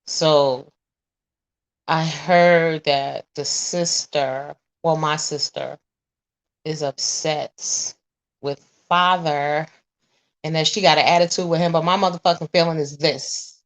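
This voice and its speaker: A woman in her forties chatting to viewers, telling a story in a blunt, animated, profane way. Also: sits low, a little slow. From US Northeast. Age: 40s. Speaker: vlogger.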